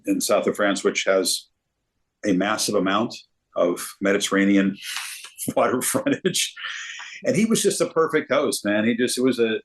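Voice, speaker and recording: A man, a sportscaster guest, telling stories in a relaxed interview, often repeating words as he goes. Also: on the low side. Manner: animated storyteller with frequent repeated words. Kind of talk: casual storytelling interview.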